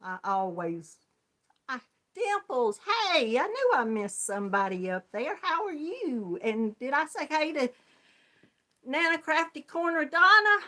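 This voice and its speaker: A woman with a Southern US drawl hosts a relaxed live crochet chat. She speaks slowly in a slightly high voice. She greets viewers one by one and laughs often. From Georgia, US. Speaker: crochet channel host. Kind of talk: casual live-stream chat.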